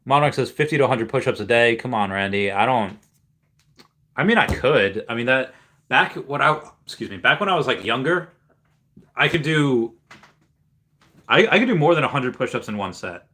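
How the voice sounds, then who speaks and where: A man's voice: mid-range voice, lively intonation, normal speed, long pauses, bright, forceful tone. A young man hosting a casual livestream, rambling with many fillers and restarts while reading viewer chat aloud. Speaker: livestream host.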